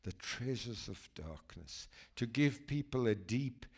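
A man's voice: medium pitch, lively intonation, slow pace, slightly rough. A man from South Africa giving an enthusiastic, chatty guest talk in church while showing slides. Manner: enthusiastic, exclaiming, chatty asides. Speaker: guest speaker.

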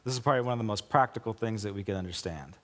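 A male pastor preaching a conversational sermon with sarcastic asides, acting out quoted lines in a lower, softer voice. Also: very fast, long reverb tail.

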